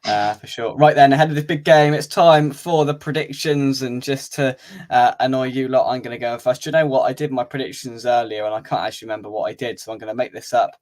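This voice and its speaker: A man's voice: mid-range voice, fairly even intonation, quick pace, a little mellow. A man hosting a casual football chat with friends, laughing and joking at his own expense. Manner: laughing, self-mocking banter. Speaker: podcast host.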